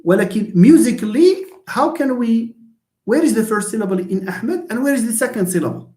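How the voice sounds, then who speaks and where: A man with a Moroccan accent lectures a class, teacherly and animated as he moves between English, French and Arabic. His voice sits a little high and swings widely in pitch. He asks questions and answers them himself, in a room with a noticeable echo. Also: normal speed, background noise.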